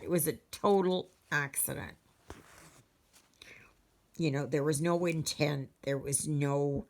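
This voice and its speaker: A Canadian woman chatting casually to her viewers as a cross-stitch vlogger, rambling and storytelling with many fillers. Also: low-pitched.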